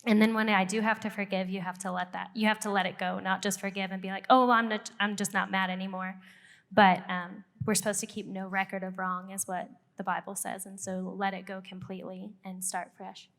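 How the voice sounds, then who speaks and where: Quiet woman, flat and a bit gravelly, dry humor on a panel. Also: medium pitch, a little fast. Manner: soft-spoken, dry. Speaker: panel guest, host's wife. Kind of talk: casual panel talk.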